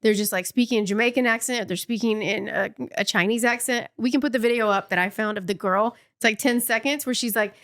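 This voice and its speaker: A woman co-hosting a podcast in casual chat, explaining things in quick, chatty bursts full of fillers like "like.". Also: fairly high pitch, a bit bright. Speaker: podcast co-host.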